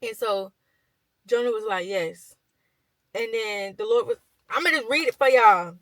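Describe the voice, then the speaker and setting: A woman's voice: a little high, normal speed, a bit bright, dry recording, poor audio. A young woman vlogger chatting as she retells a Bible story, with lots of fillers and slang.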